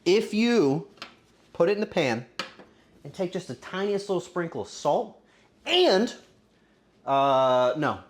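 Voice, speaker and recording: A man streaming casually while cooking and tasting, joking crudely and bursting into loud exclamations. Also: high voice, very animated, slow, long pauses, slight background noise. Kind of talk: casual cooking livestream chatter.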